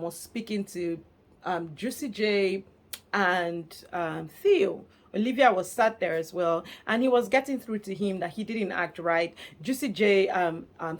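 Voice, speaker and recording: Animated woman vlogger recapping reality TV drama. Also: fairly low pitch. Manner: animated and expressive, laughing often. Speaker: reality show commentator. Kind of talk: casual gossipy recap vlog.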